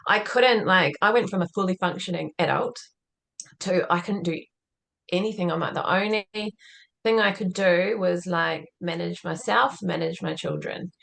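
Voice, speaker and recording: A woman's voice: lowish voice, moderate pace, gravelly, fairly bright tone. A woman as a podcast guest, telling a personal story in an earnest, reflective way and often saying "like". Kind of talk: conversational interview storytelling.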